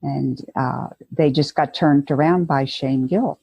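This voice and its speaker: A woman guest speaking earnestly in a conversational interview, telling stories and acting out inner voices, with a husky voice. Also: extremely low pitch, slow pace, mellow, dry recording, highs cut off. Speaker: guest educator.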